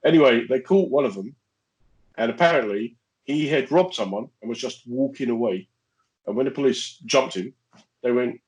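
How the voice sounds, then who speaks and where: A man's voice: medium pitch, moderate pace, darkish tone, poor audio. A man co-hosting a podcast, chatting casually in an indignant, joking way. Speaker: podcast co-host. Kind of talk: casual chat.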